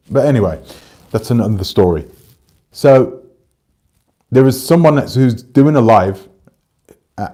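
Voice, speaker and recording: A man's voice: fairly low pitch, dark tone. A man hosting his channel, chatting casually and rambling as he talks to viewers and reads out their comments. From Britain. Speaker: channel host.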